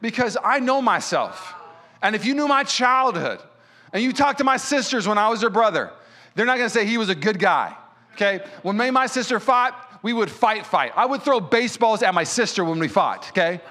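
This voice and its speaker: Male pastor, high voice, animated sermon storyteller in a church. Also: brisk. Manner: animated storyteller who acts out quotes.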